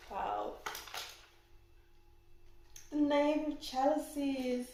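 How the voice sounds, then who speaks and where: A woman's voice: medium pitch, slow pace, pauses often, a little mellow, a little hiss or hum. A young woman giving a pick-a-card tarot reading, often exclaiming and getting emotional. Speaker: tarot reader. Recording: very echoey room.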